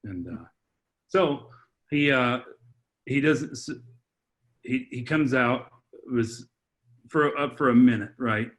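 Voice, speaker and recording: A man on a podcast, telling a heartfelt personal story in a halting way, full of restarts and repeated words. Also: medium pitch, fairly bright tone. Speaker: podcast guest, father. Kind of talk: heartfelt personal testimony in conversation.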